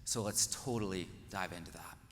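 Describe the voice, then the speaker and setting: A man's voice: low voice, brisk, fairly bright tone. A man from Kansas hosting a conference, giving an earnest, rousing speech full of rhetorical questions on a stage microphone. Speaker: conference host. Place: large hall, on stage. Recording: echoey hall with faint noise.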